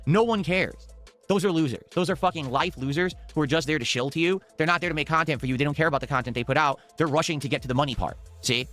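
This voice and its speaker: Fast-ranting bright-voiced man streamer. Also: fairly high pitch, soft background music. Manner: fast, heated, swearing rant.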